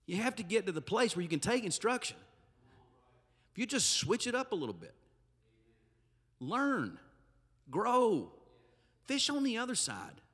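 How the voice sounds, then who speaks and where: A man's voice: high-pitched, sing-song, a little slow, long pauses, a bit bright, breathy edge, in a large hall. A male pastor, preaching a humorous, emphatic sermon with asides to the congregation. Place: church sanctuary.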